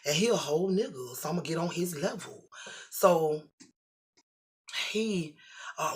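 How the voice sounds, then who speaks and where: A middle-aged vlogger telling a story to the camera in a casual, animated and profane way, acting out the voices in the story. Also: medium pitch, measured pace, long pauses, husky.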